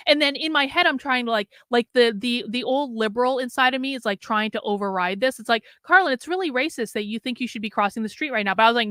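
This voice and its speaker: Bright, swearing woman telling a story. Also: fairly high pitch, fast talker, no echo, clean studio sound. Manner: profane, rambling, heavy use of filler "like"; animated retelling with quoted inner thoughts. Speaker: podcast host. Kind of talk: casual storytelling monologue.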